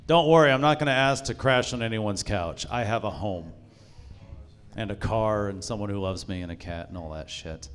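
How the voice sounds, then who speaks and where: A man's voice: fairly low pitch, normal speed, clean tone. A young man doing a stand-up set in a comedy club, profane and self-mocking as he tells stories. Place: live comedy club stage.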